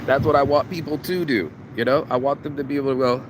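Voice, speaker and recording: A man talks through a loose, profane motivational pep talk and piles up repeated words as he builds momentum. His voice sits mid-range. He records outdoors, and passing traffic is clearly audible behind him. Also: medium pitch, fast, hardly any pauses. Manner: slangy, profane, repeats words when excited. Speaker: motivational vlogger. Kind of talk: casual motivational monologue.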